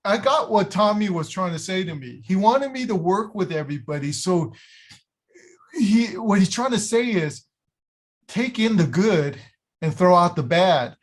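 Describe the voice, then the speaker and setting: A man telling stories in a casual interview, animated, acting out quotes with lots of fillers and restarts. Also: sits high, unhurried. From United States. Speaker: guest, illusion builder.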